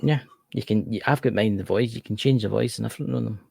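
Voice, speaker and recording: A man co-hosts a casual podcast, rambling along and repeating his points. His voice is low and deeply gravelly, recorded close and dry. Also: fast talker, darkish tone, no room sound. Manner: chatty, rambling, repeats himself. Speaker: podcast co-host. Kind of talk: casual chat.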